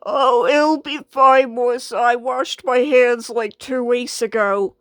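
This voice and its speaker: A woman playing the calm, patient owner in a homemade skit, speaking in a low-key way. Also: takes it slowly, dry recording, studio quality. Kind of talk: homemade skit role-play.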